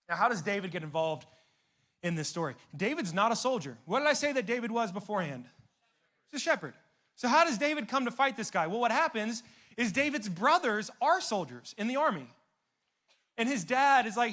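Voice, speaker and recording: A man preaching a youth sermon in a casual, animated, conversational way, full of slang and asides. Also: high-pitched, normal speed. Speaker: youth pastor.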